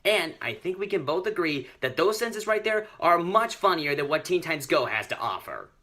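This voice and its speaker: A man's voice: a little high, very animated, fairly quick, bright, forceful tone. A teenage boy ranting in a comedic show review, exasperated, on a webcam mic. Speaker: online critic.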